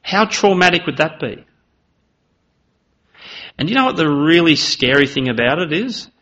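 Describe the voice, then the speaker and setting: A man's voice: fairly high pitch, animated, moderate pace, sharp tone. A man preaching a sermon in an earnest manner, voice rising dramatically when he acts out quoted lines. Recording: slightly dull, lo-fi sound.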